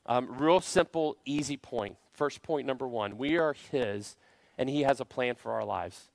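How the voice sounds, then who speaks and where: A man's voice: mid-range voice, a little slow, vocal fry, no room sound. A man preaching a sermon to a church congregation, earnest and full of rhetorical questions. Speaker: pastor. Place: church service.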